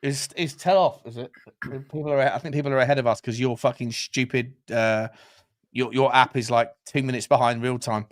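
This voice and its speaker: A man co-hosting a live match watchalong, reacting loudly with exasperated, sweary outbursts. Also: medium pitch, steady tone, normal speed. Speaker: watchalong co-host.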